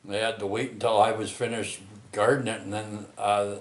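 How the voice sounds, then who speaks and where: A middle-aged man tells a rambling story in a low voice, stopping and restarting his sentences and tacking "eh?" onto them. The voice carries a roomy echo. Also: level tone. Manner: rambling, halting, many restarts and tag questions. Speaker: vlogger telling a personal story.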